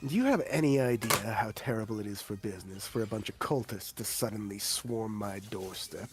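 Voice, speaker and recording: A man voicing a scoffing old dark elf innkeeper woman. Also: on the low side, a little fast, faint music behind, lightly acted. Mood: scornful. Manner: crude, scoffing, weary.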